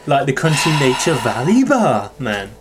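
A man's voice: medium pitch, sing-song, moderate pace, over music. A young man co-hosting a casual, teasing chat. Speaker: co-host.

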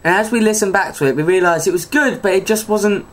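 Young man telling stories. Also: fast talker. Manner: storytelling, acts out quoted people in high voices. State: eating while talking. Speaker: podcast co-host. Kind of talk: casual chat.

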